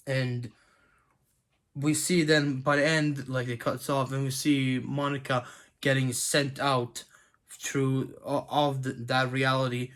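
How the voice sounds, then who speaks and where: A tired man talks through a TV episode in a loose, casual review. His voice sits at a mid pitch, and he stumbles through fillers and restarts, clearing his throat again and again. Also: fairly bright tone.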